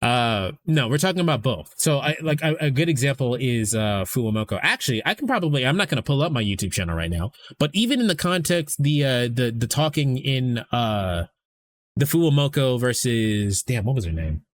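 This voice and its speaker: A man's voice: mid-range voice, sing-song, fairly quick, slight background noise. A young adult man streamer rambling casually to his chat, swearing freely and restarting his sentences often.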